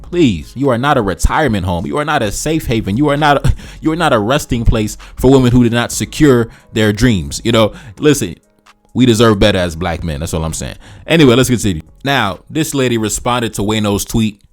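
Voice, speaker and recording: A man's voice: mid-range voice, expressive, fairly quick, soft background music. A man hosting reaction commentary in a preachy, repetitive way, often calling the listener brother. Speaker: commentary channel host.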